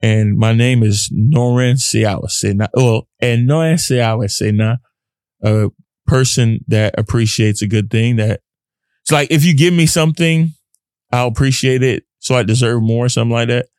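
A man's voice: medium pitch, normal speed, darkish tone, smooth, no room sound, studio quality. A young man hosting a casual solo podcast, talking in an earnest, rambling way. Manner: rambling, earnest, often acts out his own inner voice. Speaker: podcast host.

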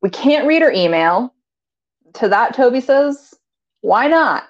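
Giggling often and quoting characters in funny voices, a woman co-hosts a casual podcast recap of a TV show. She speaks slowly yet very animatedly in a slightly high voice, and the recording is a bit dull and lo-fi.

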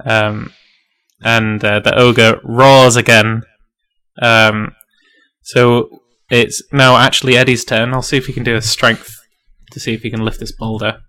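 Bright-voiced game master. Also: male voice, medium pitch, level tone, unhurried, clear, resonant tone. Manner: loose, chatty, full of fillers and laughs. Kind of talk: running a tabletop game.

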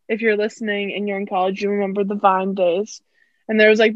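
A woman's voice: medium pitch, no echo. A young woman co-hosting a podcast, telling stories in casual chat, chatty and full of fillers. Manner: chatty, many fillers, animated storytelling. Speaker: podcast co-host. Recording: dull lo-fi dry sound.

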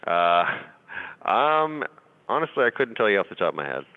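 A man's voice: lowish voice, sing-song, normal speed. A man working as a shop clerk, polite and apologetic in customer-service manner, heard over a phone call. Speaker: pet groomer shop clerk. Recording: tinny phone line.

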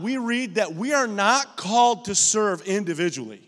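High-voiced preaching man, hall reverb. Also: expressive, normal speed. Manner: emphatic, storytelling, rises to shouts. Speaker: pastor. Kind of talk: sermon. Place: church auditorium.

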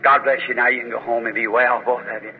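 A man's voice: mid-range voice, little pitch movement, fast talker, creaky, a little hiss or hum. A man preaching at a faith healing service, praying fervently and commanding with force. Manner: fervent, commanding when rebuking. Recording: muffled old recording in a reverberant hall.

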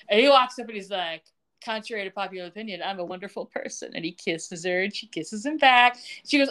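Recapping a TV soap on a laid-back podcast she co-hosts, a woman animatedly voices the characters' lines and laughs along. She speaks quickly in a mid-range voice.

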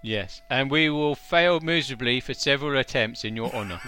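Male player, mid pitch, bright tone, earnest in-character lines. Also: a little fast, slight background noise. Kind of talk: casual tabletop game chat.

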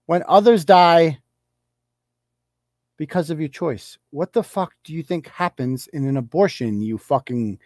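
A man's voice: sits high, a little mellow, no room sound, clean studio sound. Sarcastic, profane man ranting on a podcast. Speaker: podcast host. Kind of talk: ranting commentary on social media posts.

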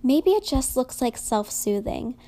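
A young woman in her twenties speaking softly and emotionally in a personal reflective vlog, at times dropping to a whisper. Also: high voice, big pitch swings. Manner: slow, soft-spoken and emotional, drops to whispers at times.

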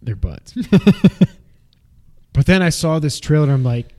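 A man's voice: fairly high pitch, big pitch swings, a little slow, long pauses, a little mellow. A man co-hosting a casual gaming podcast, joking and rambling as he talks. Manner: jokey, rambling, laughs at himself. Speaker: podcast co-host.

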